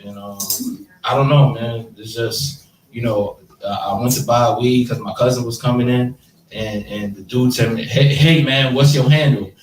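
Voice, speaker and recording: A man in his thirties doing a stand-up set, animated and slangy, chatting with the audience. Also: medium pitch, moderate pace, a little hiss or hum. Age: 30s. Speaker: stand-up comedian. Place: live comedy show room. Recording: echoey room, mic from far off.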